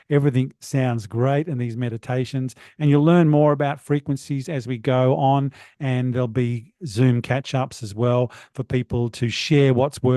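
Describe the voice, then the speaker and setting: A middle-aged man coaches in a motivational, rambling way on a podcast. His voice is mellow and relaxed. He is recorded dry over a remote call mic. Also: mid-range voice, no echo. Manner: earnest, rambling, many "you know" fillers. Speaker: guest, wellness coach.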